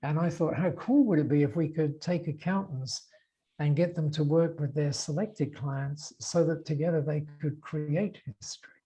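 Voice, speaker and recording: An older man with an Australian accent, a podcast guest telling his story in an animated way, acting out the dialogue and restarting his sentences often. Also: a little high, moderate pace, husky, rough recording. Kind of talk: storytelling interview.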